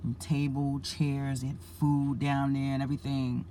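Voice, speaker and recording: A woman's voice: extremely low pitch, flat delivery, measured pace, dark tone, slight background noise. A woman preacher earnestly retelling a dream to her listeners, repeating herself and calling them family. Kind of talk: spoken religious message.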